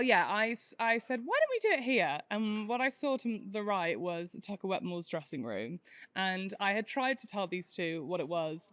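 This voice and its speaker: Animated woman producer recounting a story. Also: fairly low pitch. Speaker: podcast producer. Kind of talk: casual chat.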